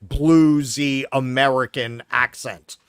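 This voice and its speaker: A man's voice: medium pitch, steady tone, slow, smooth, dry recording, studio quality. A man with a New York accent from Queens, co-hosting a political talk show, heated, sarcastic and swearing often. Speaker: podcast co-host. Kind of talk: casual political commentary.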